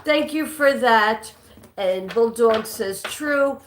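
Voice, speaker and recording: A woman's voice: fairly high pitch, takes it slowly, background noise. A woman hosting a live-stream trivia game, chatting with viewers and reading questions aloud, sometimes stumbling and restarting a line. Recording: echoey room.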